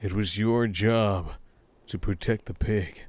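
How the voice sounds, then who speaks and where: A man putting on the voice of a dying peasant father, speaking slowly and mournfully. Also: on the low side, fairly even intonation, darkish tone, voice pushed down. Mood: grave, mournful.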